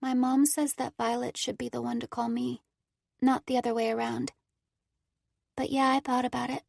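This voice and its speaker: A woman doing a quiet, guarded young girl. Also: on the high side, flat delivery, moderate pace, creaky, no room sound, clean studio sound, pitched above the performer's own voice. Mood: subdued. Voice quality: slightly slurred speech. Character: hurt, withdrawn young girl recovering in hospital.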